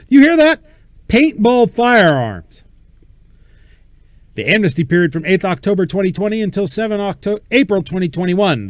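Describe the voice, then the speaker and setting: A man's voice: sits high, no echo. Blunt, cursing gun-show host man. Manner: blunt, swears casually. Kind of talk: casual chat and reading news aloud.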